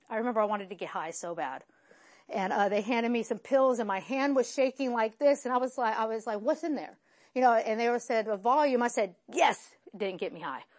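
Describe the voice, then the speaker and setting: A woman in her thirties, from West Virginia, telling her own recovery story in a frank, rambling, self-deprecating way. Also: mid-range voice. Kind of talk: candid personal testimony.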